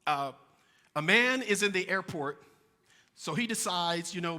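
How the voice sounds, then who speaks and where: A male pastor preaching a sermon, with animated stories and asides to the congregation. His voice is bright and a bit high. It rings out in a church sanctuary with long reverb. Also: moderate pace. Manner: storytelling, animated, addresses congregation.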